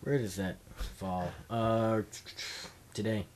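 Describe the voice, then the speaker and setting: A man's voice: lowish voice, fairly even intonation, slow, darkish tone, slight background noise. A man hosting a casual comedy podcast, reading out strange news stories, laughing and swearing freely. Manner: swearing, laughing, reads headlines aloud.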